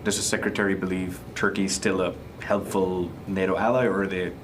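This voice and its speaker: A reporter with a notably deep voice poses layered questions at a press briefing. Audible room noise sits under his words, and he keeps pressing with follow-ups. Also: little pitch movement. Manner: measured, probing follow-ups.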